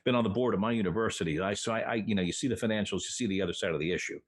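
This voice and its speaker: Fast-talking husky older man host. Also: on the low side. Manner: quick, interjecting, steers the questions. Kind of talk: casual comedy roundtable chat. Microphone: video call.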